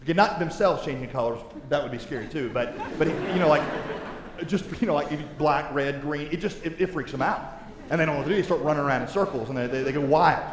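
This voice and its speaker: With a crowd audible behind him, a thirtysomething pastor preaches quickly in a voice that sits on the high side. His sermon is full of animated, humorous stories where he acts out voices, all ringing through an echoey hall with long reverb.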